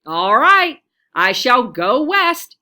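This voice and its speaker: A woman voicing a big, bossy girl capybara who bullies the others and talks loud and pompous. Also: high voice, big pitch swings, extremely slow, heavily acted. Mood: haughty.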